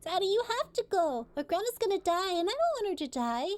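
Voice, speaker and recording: A woman's voice: very animated, a little fast, dry recording. A woman voicing a small, earnest and bossy little girl in a visual novel playthrough. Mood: pleading. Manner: high childish voice, pleading.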